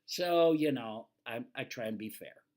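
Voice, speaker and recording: A man's voice: mid-range voice, measured pace, a little mellow. Older man giving a plainspoken lecture. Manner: plainspoken, teasing, repeats warnings firmly. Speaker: fire safety instructor. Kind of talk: lecture over slides.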